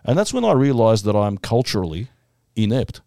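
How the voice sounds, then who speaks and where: A middle-aged man from Melbourne, co-hosting a casual podcast chat and telling stories with lively quoted voices. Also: lowish voice, fairly quick, vocal fry, no echo, clean studio sound. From Melbourne, Australia. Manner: animated storyteller, lively put-on voices for quotes. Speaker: podcast co-host.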